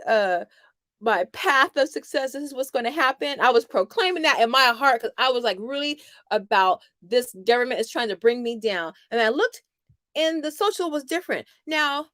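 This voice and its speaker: A chatty middle-aged woman with a fairly high voice, hosting a casual talk with her viewers. She tells stories in an animated way and acts out the lines people said. The sound is dry and close. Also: no echo. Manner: chatty, animated storytelling with playful quoted voices. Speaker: homeschool channel host. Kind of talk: casual livestream chat with viewers.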